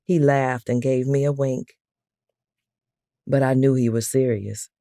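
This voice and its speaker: A woman with a low, warm voice reads a first-person audiobook in a steady, unhurried way. The recording is dry and close. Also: no room sound. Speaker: audiobook narrator.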